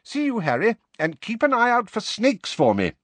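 A man's voice: high voice, huge pitch swings, normal speed, fairly bright tone, dry recording, pitched above the performer's own voice, heavily acted. A man doing a genial, cheery middle-aged dad.

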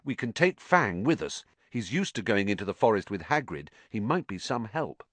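A man voicing a determined, quiet-spoken schoolboy in an audiobook reading, in a firm, low-key manner. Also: big pitch swings, moderate pace, dry recording. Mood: resolute. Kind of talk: audiobook character voice.

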